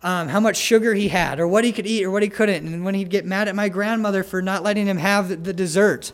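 High-voiced earnest male preacher. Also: steady tone. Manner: earnest, pleading, tender pauses. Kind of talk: sermon with altar call.

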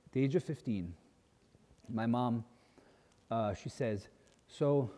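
Male preacher, animated storyteller, reverberant church hall. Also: mid-range voice, slow pace. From grew up as a missionary kid in a mission. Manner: animated storyteller, acting out voices in quotes. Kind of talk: sermon with personal storytelling.

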